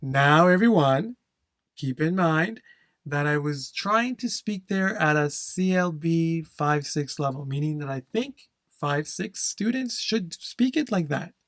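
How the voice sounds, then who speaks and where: A man teaching a speaking-test lesson, explaining scores slowly and emphatically and checking in with "okay?" after each point. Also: fairly high pitch, animated, fairly bright tone, no room sound. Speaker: language test instructor.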